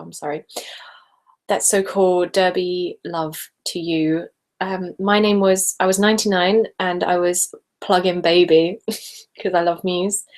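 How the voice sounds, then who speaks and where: Reading out comments from her viewers, a woman in her late 20s who runs an ASMR channel keeps up a casual live-stream chat. Her voice sits on the low side, and she giggles a lot, frequently breaking into laughter partway through sentences.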